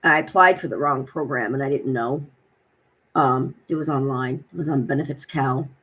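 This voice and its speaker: Woman, casual vlogger, slightly husky, lively storyteller who acts out both sides of a call. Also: rumbling low, normal speed. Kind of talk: casual personal vlog.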